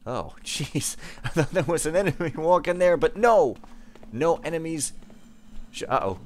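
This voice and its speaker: A young man talks through a video game in casual commentary and rants when things go wrong. His voice is very lively, swinging up and down in pitch. A clear hiss and game sounds sit behind him. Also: measured pace, long pauses. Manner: ranting and easily frustrated. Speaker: let's play gamer.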